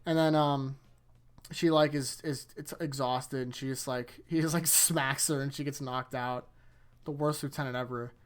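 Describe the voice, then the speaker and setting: A man runs his own anime rewatch, recapping episodes loosely as he rambles, trips over his words, keeps correcting himself, and chuckles often. His mid-range voice holds a steady tone at normal speed.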